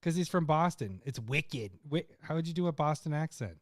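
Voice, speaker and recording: A man's voice: fairly high pitch, expressive, quick pace, no echo, clean studio sound. A young man co-hosting a podcast in casual chat, often laughing and rambling as he talks. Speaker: podcast co-host.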